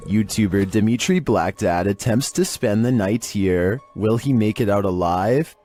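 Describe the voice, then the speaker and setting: A man narrating a creepy video countdown in a flat, monotone scripted delivery. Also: lowish voice, a little slow, soft background music.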